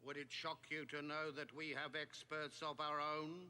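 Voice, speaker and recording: An actor playing a sarcastic human astronaut forced to act as a defense lawyer in a sci-fi series, with music underneath. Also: male voice, fairly high pitch, level tone, normal speed, lightly acted. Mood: argumentative. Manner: sarcastic, exasperated. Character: wry male human astronaut turned lawyer. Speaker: space traveler acting as defense lawyer.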